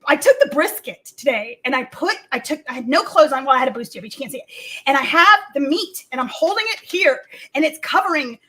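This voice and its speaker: A woman's voice: high-pitched, animated, a little fast, bright, forceful tone. A woman co-host telling rambling, profane stories on a comedy talk show, acting out the other people in them. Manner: profane, rambling, acts out quotes.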